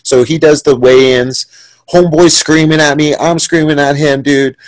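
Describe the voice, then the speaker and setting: A young man from San Diego, a podcast guest and fighter, telling a story in a casual, profane, animated way and acting out the voices of the people in it. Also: on the high side, moderate pace, no room sound.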